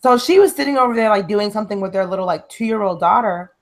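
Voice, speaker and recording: A woman's voice: mid-range voice, lively intonation, quick pace. A young woman chatting casually on a discussion show, dropping "like" into almost every sentence. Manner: conversational, heavy use of "like". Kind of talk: casual chat.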